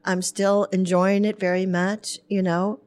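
A woman from Germany, a hairdresser who tells her story as an interview guest, animated and quick to laugh. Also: medium pitch. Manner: lively storyteller who acts out voices and laughs often. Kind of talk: storytelling in a talk show interview.

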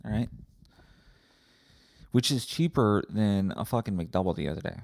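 Gravelly, sarcastic man ranting solo. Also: fairly low pitch, expressive, normal speed, darkish tone, no room sound, studio quality. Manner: sarcastic, profane, self-interrupting. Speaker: podcast host. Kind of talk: solo rambling podcast rant.

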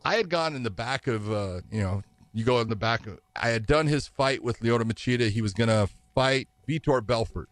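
A man's voice: medium pitch, no echo. A man telling long anecdotes as an interview guest, rambling, laughing often, acting out what others said. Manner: rambling, laughs often, acts out quoted voices. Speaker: guest, fight referee. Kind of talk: anecdotal storytelling.

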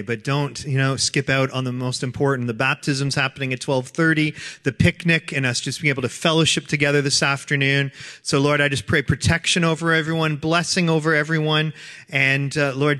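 Man, bright tense voice, casual church announcements and prayer, long hall reverb. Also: mid-range voice. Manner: relaxed, informal, easygoing. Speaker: church leader closing the service.

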